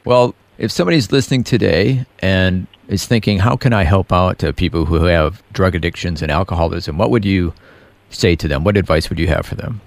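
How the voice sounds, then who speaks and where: A man with a very deep voice hosts an interview. He asks his questions steadily and keeps the guest going with short encouraging sounds. The sound is dry and close, with no room echo. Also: fairly quick, creaky. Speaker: radio interviewer, host. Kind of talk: interview hosting.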